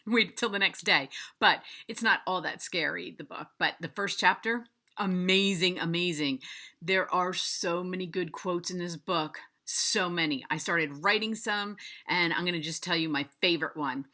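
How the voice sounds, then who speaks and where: Bright, gushing woman book reviewer. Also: lowish voice, moderate pace. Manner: enthusiastic, chatty, addresses viewers directly. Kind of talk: casual vlog review.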